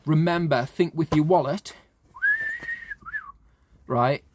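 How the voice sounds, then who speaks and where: A man's voice: a little high, takes it slowly, noisy background. Cheeky, chatty British man. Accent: British English. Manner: cheeky, chatty, often asks "right?". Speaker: reselling vlogger. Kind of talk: casual advice talk to camera.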